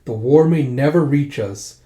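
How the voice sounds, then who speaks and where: A man's voice: mid-range voice, measured pace, dark tone, close to an everyday voice. A man reading aloud and voicing a stern, commanding male magistrate in a formal, declaiming manner. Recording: roomy echo.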